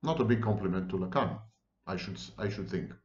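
A man's voice: low-pitched, lively intonation, fairly quick. A man lecturing on psychology and reading a story aloud, with dramatic delivery and wry asides. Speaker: psychology professor. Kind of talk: video lecture with a read-aloud excerpt. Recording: roomy, dull lo-fi sound.

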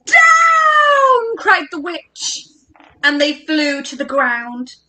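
English woman, children's workshop reader, high bright voice, slow and lively. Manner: animated, coaxing children to join in. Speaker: education workshop leader. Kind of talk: interactive read-aloud for children. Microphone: home recording for online workshop.

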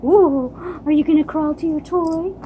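Middle-aged woman, baby talk, cooing sing-song, slow unhurried delivery, soft home noise on a phone. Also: sits high, steady tone. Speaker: vlogger. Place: home, indoors.

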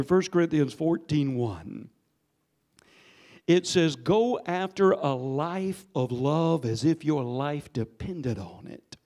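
A pastor in their sixties with a fairly high-pitched voice preaches in a church sanctuary. The sermon tells a story, jumping suddenly between soft and loud delivery while calling on the congregation to respond.

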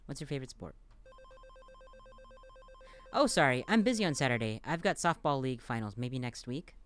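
A man playing a dialogue-heavy game, reading the lines aloud and reacting between them with quick, playful asides. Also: mid-range voice, animated, fairly bright tone, smooth. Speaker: let's play gamer.

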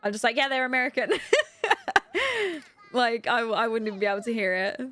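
In casual gameplay commentary on a life-simulation game, a young woman from Britain reads out and responds to chat, frequently giggling. She speaks fairly quickly in a voice on the high side and a bit bright.

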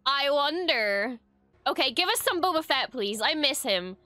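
A woman reacting to an episode in a very bright, high voice that swoops widely. She gasps, laughs and swears while gushing, and leaves slow pauses between outbursts. Faint music plays underneath, and the sound is dry and close. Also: lively intonation, dry recording. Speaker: reaction video host. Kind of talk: excited live reaction commentary. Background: faint show soundtrack.

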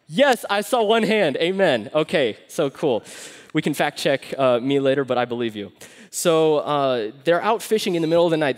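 Young male preacher, slightly high voice, animated storyteller who acts out quotes and drops to a hush for emphasis; large hall with long reverb. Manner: animated storytelling with acted quotes and sudden hushed lines. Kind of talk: sermon. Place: church hall before a live congregation.

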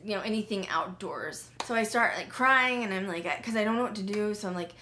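A woman's voice: medium pitch, a little fast, a little hiss or hum. A young woman vlog host telling a personal story in casual speech, full of "like" fillers, acting out what she said at the time. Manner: animated, frequent "like" fillers, acts out her own past speech.

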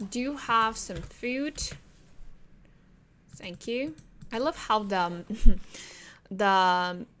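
A woman's voice: mid-range voice, fairly bright tone, slight background noise. A woman giving casual gameplay commentary, chatting to the characters on screen and laughing often.

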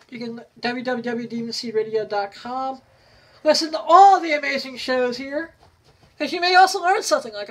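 A man's voice: very high voice, a bit bright. A man hosting a radio show, giving an earnest, motivational sign-off in a casual monologue.

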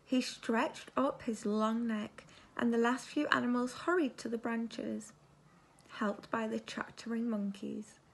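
A teacher reading a children's story aloud expressively, now and then turning to ask the children questions. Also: female voice, fairly high pitch, fairly even intonation, measured pace, gravelly, slightly rough.

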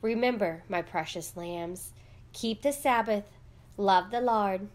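A woman's voice: mid-range voice, slow, natural voice. A woman voicing a loving mother in a storybook, tender and soothing.

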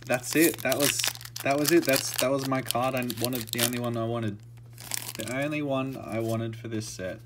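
Over background noise, a card-opening vlogger with a medium-pitched voice speaks at normal speed, murmuring casual commentary on his trading card packs that bursts into shouts and laughs.

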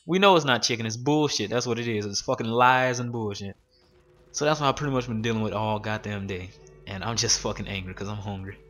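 A man's voice: on the low side, a bit bright. A man in his twenties ranting with heavy swearing while commenting on his gameplay. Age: 20s. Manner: profane, exasperated ranting. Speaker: gaming streamer.

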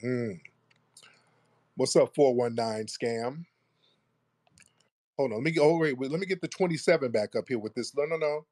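A man hosting a live online audio room, taunting and talking down to a caller with slow, deliberate jabs. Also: mid-range voice, a little mellow, no echo. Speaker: host. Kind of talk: confrontational live audio chat.

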